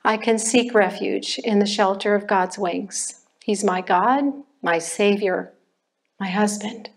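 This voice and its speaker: An older woman shares a personal testimony in a church class, taking her time over each phrase. Her voice sits at a middle pitch, and she talks in a reflective way, pausing often and restarting her sentences as she goes. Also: steady tone. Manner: slow, reflective, with pauses and restarts. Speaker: church member sharing testimony.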